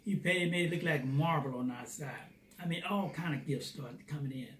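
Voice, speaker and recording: A man telling a personal faith testimony as a lively storyteller who acts out the dialogue. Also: fairly high pitch, fairly quick. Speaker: Christian theater founder. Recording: roomy, distant mic, faint noise.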